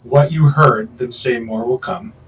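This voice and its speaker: A man running a tabletop game as game master, relaxed and casual, pausing to correct himself. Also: medium pitch. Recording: distant mic with faint background noise.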